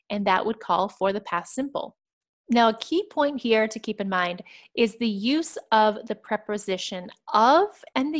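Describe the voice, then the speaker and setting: A woman leads a recorded English exam lesson at a mid-range pitch. She explains each step clearly and patiently, walking the listener through the examples. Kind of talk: scripted lesson narration.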